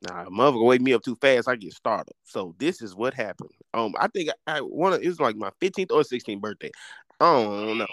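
Man, podcast co-host, casual storytelling, lively swooping pitch, slangy, dry close mic. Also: fairly quick, dry recording. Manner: animated, slangy storyteller who acts out quotes.

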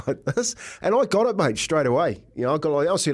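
A man's voice: a little high, very animated, fairly quick. A middle-aged man with a New Zealand accent, co-hosting a casual chat and telling a long story, rambling and saying "mate" a lot. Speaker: co-host.

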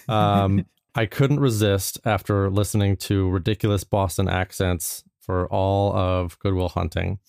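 A male podcast host talks in a relaxed, chatty way and fills his pauses with ums. His voice sits low. The recording is dry and close. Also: vocal fry, smooth, dry recording. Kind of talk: casual chat.

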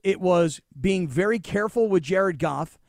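A man co-hosting a sports talk show, with a noticeably high voice. He speaks in a deliberate, thoughtful way, restarting phrases as he builds his point. The sound is dry and close. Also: darkish tone, no echo.

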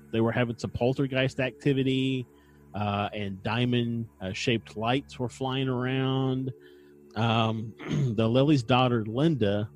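A podcast host with a mid-range, darkish voice recounts events in casual chat, using dry humor and plenty of fillers.

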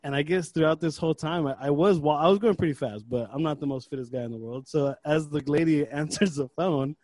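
Higher-voiced young man telling a story. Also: a little fast, no echo. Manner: animated, swears a lot, acts out his own breathlessness. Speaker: podcast co-host. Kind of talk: casual storytelling chat.

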